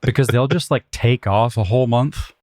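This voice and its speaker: A man's voice: mid-range voice, normal speed, a little mellow, no echo, clean studio sound. A man with an American accent co-hosting a podcast in casual chat, wry and dryly opinionated. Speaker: podcast co-host.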